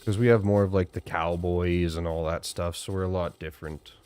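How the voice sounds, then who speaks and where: A man's voice: deep voice, steady tone, a little fast, darkish tone, slight background noise. A man with a Western Canadian accent giving casual, folksy commentary while streaming a game, chatting and laughing between remarks. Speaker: gaming streamer.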